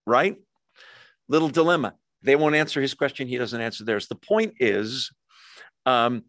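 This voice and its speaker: A man's voice: mid-range voice, a bit bright, no echo. A middle-aged man, a pastor, preaching a sermon in a conversational way, with jokey asides to the congregation.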